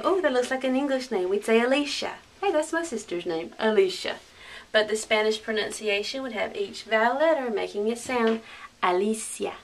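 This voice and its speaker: A woman teaching Spanish pronunciation in a recorded lesson, slowly drilling each word with careful repetitions. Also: a little high.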